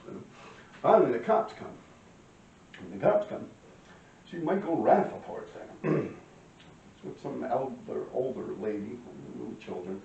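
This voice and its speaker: Gravelly New man swearing through stories. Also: medium pitch, expressive, normal speed, long pauses, mellow. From New York. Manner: profane street-style storytelling, frequent throat-clearing. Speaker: vlogger telling life stories. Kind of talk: casual storytelling to camera. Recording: roomy, distant, dull-sounding.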